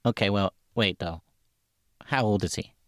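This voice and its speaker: A man's voice: fairly low pitch, normal speed, no echo, clean studio sound. A man co-hosting a comedic sports podcast, bantering with exasperated, rambling reactions. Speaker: podcast co-host.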